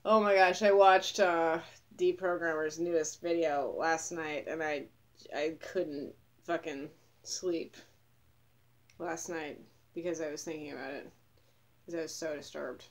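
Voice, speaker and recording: A woman's voice: low voice, fairly even intonation, measured pace. A woman vlogger talking casually to camera, rambling and swearing with a sarcastic edge, sounding tired.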